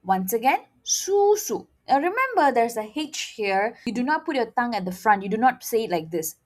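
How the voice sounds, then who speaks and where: Her voice is on the high side and sing-song, moving at a normal speed. She leads a playful Mandarin lesson for beginners, upbeat as she drills vocabulary through rising repetition.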